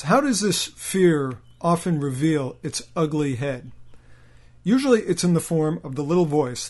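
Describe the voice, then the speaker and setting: A man coaching salespeople in a motivational training talk, with a voice that sits a little higher than most men's. He speaks directly and emphatically to the listener, often stopping to ask a rhetorical question. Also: a little mellow.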